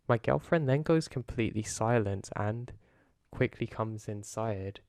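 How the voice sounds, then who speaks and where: A man calmly narrating a first-person horror story in a low-key way. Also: a little slow, gravelly, no echo, clean studio sound. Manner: calm, low-key retelling.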